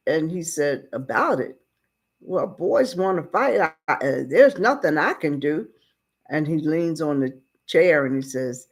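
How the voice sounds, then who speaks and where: A woman's voice: on the low side, lively intonation, a little slow. A woman retelling a story in a casual, folksy way and acting out the dialogue. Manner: drawling, folksy retelling with quoted voices. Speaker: speaker retelling a story for a lesson.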